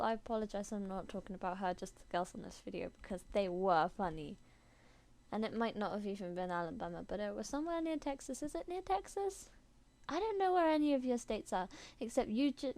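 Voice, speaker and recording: A chatty English woman rambles along in a bright, slightly high voice, full of fillers and little giggles. She talks casually into a built-in computer microphone, as if leaving a long voice note for a friend. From England. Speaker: video blogger sending an audio message.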